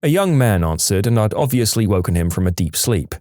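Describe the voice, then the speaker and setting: A man narrating submitted stories in a relaxed, conversational storytelling manner. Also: fairly low pitch, a little fast, no room sound, studio quality.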